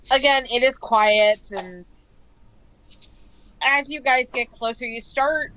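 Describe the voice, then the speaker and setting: Slow, hesitant woman game master. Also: mid-range voice, sharp tone, poor audio. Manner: hesitant, lots of ums. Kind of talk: narrating a tabletop game.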